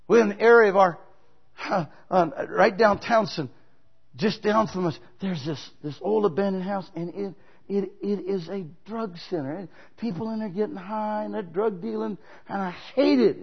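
A male pastor preaches with emphatic, exhorting energy and weaves stories into his sermon. His voice is husky and fairly high for a man. The recording sounds dull and lo-fi. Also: moderate pace.

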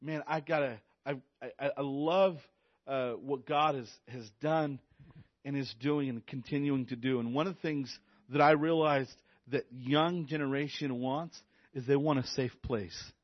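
A man, a youth pastor, preaching a sermon with excited energy, repeating phrases and stammering on restarts. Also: medium pitch, unhurried, no echo, lo-fi sound. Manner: enthusiastic, repetitive, stammers on restarts.

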